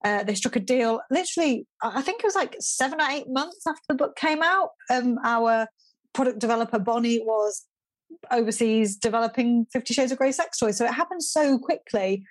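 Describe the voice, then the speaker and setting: A woman's voice: a little high, expressive, a little fast, dry recording. A woman from the UK, a sex and relationship expert guest, chatting casually on a podcast and laughing often. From United Kingdom.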